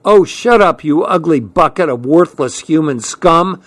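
A man voicing a fiery, fearless woman who shouts down a bully, in an audiobook story. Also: fairly high pitch, measured pace, voice pushed up. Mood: shouting. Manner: shouting, insulting.

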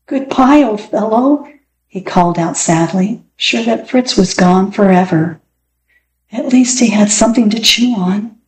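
Expressive woman reading a storybook aloud. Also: medium pitch, unhurried, slight background noise. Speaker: narrator. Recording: echoey room, faint ambience.

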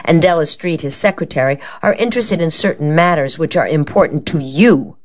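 A woman's voice: sits low, fairly quick, darkish tone. A woman voicing an anxious, placating middle-aged man who speaks hastily, on a dull lo-fi recording. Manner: hasty, placating.

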